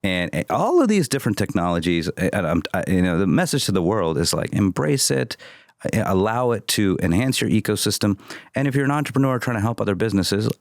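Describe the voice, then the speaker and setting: A man talking as a podcast guest in casual, animated conversation, swearing freely and laughing often. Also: on the low side, a little fast, dry recording, studio quality. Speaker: podcast guest, agency founder.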